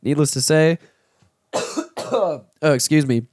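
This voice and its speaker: A man's voice: a little high, slow, a little mellow, no room sound, clean studio sound. A man hosting a casual podcast, sniffling from a cold, talking in a loose, profane way and laughing often. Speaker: podcast host.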